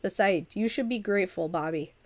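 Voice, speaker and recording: A woman's voice: mid-range voice, fairly quick, lightly acted. A woman reading out an intense old man with traces of a Russian accent in a vampire game. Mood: defensive. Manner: intense, defensive.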